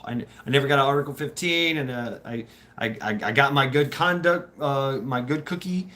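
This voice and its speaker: A man's voice: a little high, pushed and bright. A man hosting a casual live stream, chatting with viewers in a rambling, profane way, laughing often and restarting his sentences. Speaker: streamer host.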